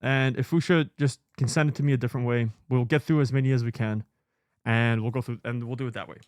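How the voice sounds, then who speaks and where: A man's voice: mid-range voice, fairly even intonation, fast talker, darkish tone, no echo, clean studio sound. A man hosting a live stream, talking casually and in a scattered, muttering way while sorting files, swearing freely now and then. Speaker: streamer host.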